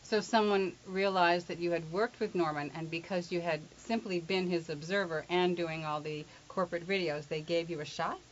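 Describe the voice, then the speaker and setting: A woman, a coach and actress, chatting in a lively, playful way during an interview, often laughing. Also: on the low side, normal speed, hardly any pauses. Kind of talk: casual interview chat. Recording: slightly dull, lo-fi sound.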